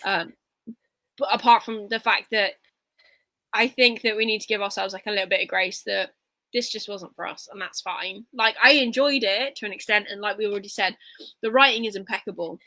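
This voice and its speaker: A woman's voice: mid-range voice, a little fast, bright, forceful tone, no echo, poor audio. A woman co-hosting a casual livestream book chat, talking in a rambling, reflective way with many restarts. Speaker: book podcast co-host.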